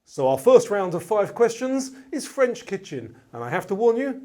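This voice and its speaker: Lively quiz-host man, higher voice. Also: no room sound. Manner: reads questions and answer choices in a clear, measured way. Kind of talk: scripted quiz show presenting.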